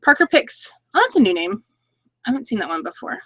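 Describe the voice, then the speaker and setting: A woman's voice: a little high, sing-song, quick pace, sharp tone, husky, no echo, poor audio. A woman in her thirties hosting a casual live-stream chat, reading viewer comments aloud and laughing between stories. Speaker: YouTube channel host.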